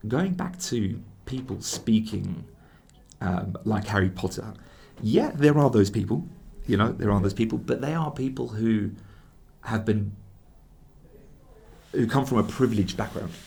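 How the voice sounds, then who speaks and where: A man's voice: fairly low pitch, unhurried, gravelly, husky. A man with a London accent, a guest in a casual conversation, telling stories and acting out the voices of the people he quotes. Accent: London English. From England. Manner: lively storyteller who acts out quoted voices. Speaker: interview guest.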